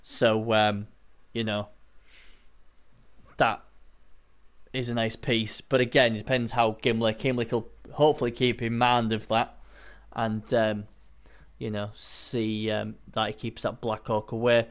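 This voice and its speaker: A man's voice: on the low side, little pitch movement, a little slow, pauses often. A man giving casual live-stream commentary on a tabletop sports video game, rambling and chatting to viewers between points.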